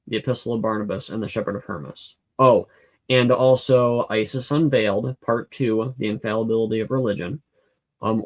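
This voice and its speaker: Male livestream host, casual and rambling, mid-range voice, lots of ums and false starts while reading chat. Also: medium pitch. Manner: rambling, hesitant, many fillers and restarts. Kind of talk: casual live Q&A, reading comments aloud. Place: home room with a cat.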